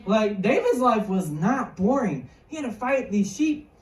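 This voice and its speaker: A woman's voice: mid-range voice, big pitch swings, a little slow. Jokey woman preaching in an echoey hall. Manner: jokey, chatty, slangy. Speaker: youth speaker. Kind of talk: casual youth sermon. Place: church hall. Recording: roomy hall, mic far off.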